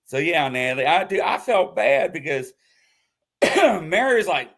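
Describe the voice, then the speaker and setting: A man hosting a live show in casual chat, telling a story with loud acted-out quotes. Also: sits high, normal speed, vocal fry. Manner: animated storytelling, acts out quotes loudly. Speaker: host.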